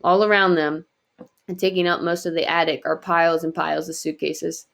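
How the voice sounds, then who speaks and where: A woman reading a novel aloud in quiet, earnest first-person narration. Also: lowish voice, level tone, moderate pace, vocal fry. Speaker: audiobook reader.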